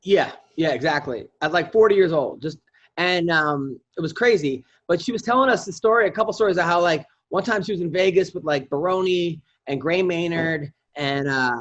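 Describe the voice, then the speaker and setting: A man on a podcast telling profane, animated stories in a casual chat. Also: a little high, normal speed. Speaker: podcast guest comedian. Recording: dull lo-fi audio.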